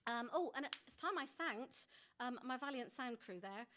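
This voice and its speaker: A singer-songwriter woman chatting to a live audience between songs in a bookshop coffee house, in a chatty, self-deprecating way with quick asides. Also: fairly high pitch, expressive, sharp tone. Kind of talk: casual between-song chat to a live audience.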